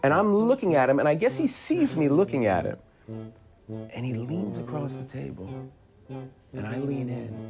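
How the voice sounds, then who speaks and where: A man telling an anecdote on a talk show, animated and acting out voices, sometimes dropping to a hush. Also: medium pitch, measured pace, pauses often, music in the background. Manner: animated, acts out voices, drops to hushed tones. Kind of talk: animated storytelling.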